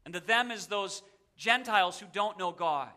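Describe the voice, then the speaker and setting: A man's voice: high-pitched, lively intonation, normal speed, bright, forceful tone. A male pastor preaching a sermon in a church, emphatic and repeating a verse with shifting emphasis. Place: church sanctuary.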